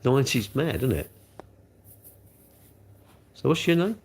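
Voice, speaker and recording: Man in his sixties, gravelly and animated, hosts a live stream and banters with the chat. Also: medium pitch, a little slow. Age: 60s. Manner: chatty, jokey, answering viewers' comments. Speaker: livestream host reading chat.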